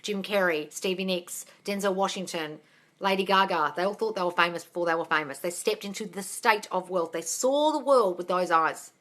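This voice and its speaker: A woman's voice: lowish voice, normal speed, fairly bright tone. A woman hosting a casual live-stream Q&A on manifesting, talking bluntly and animatedly and swearing freely.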